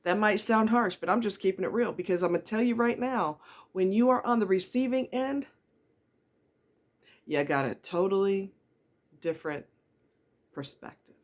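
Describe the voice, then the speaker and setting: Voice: medium pitch, lively intonation, normal speed, long pauses. Middle-aged vlogger, earnest and blunt, talks straight to the viewer with pointed questions. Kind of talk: candid personal monologue.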